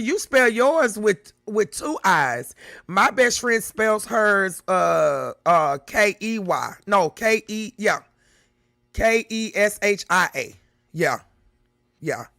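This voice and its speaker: A woman's voice: on the high side, fairly bright tone, no echo, clean studio sound. A middle-aged woman hosting a live reaction stream, chatting casually with viewers and reading the chat aloud, laughing often. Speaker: livestream reaction host.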